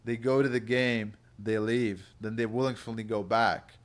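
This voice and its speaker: A man's voice: lowish voice, fairly even intonation, measured pace. Podcast guy laying out his point, earnest, keeps saying you know. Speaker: podcast co-host. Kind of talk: casual chat.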